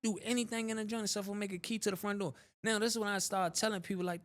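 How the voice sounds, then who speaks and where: A man tells his stories as an interview guest, his speech thick with street slang and loose repetition. His voice sits a little higher than most men's, and he keeps things animated, swinging up and down as the story runs. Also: very fast, hardly any pauses. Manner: street slang, animated, often repeats "bro" and "you know what I'm saying". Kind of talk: casual storytelling.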